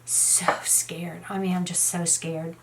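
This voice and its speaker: Rambling woman with a low voice. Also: flat delivery, slow, gravelly, background noise. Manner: rambling, lots of "you know" fillers. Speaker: beauty vlogger. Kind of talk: casual storytelling while doing makeup.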